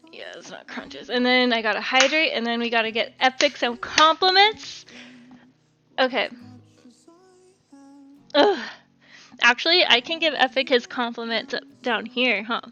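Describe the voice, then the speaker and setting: Bright, giggly young woman streaming. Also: a little high, lo-fi sound. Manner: giggly, chatty, reads chat aloud, swears casually. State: out of breath. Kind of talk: casual live-stream chat while cooking.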